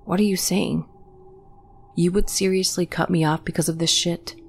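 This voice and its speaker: A woman voicing an angry, hurt young man who argues with his sister, talking slowly and tensely. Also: sits low, a little mellow, a little hiss or hum.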